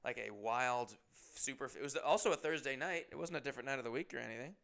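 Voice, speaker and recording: Gravelly, bright-voiced man telling stories. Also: medium pitch, fast talker. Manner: rambling, profane, self-deprecating. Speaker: comedian and podcast host. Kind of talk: casual storytelling monologue.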